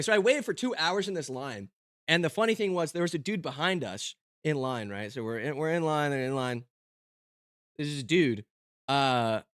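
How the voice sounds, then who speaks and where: A man's voice: a little high, a bit bright, dry recording. Upbeat rambling male streamer, dry mic. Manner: rambling, lots of fillers and restarts; joking, self-mocking. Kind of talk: casual stream chat.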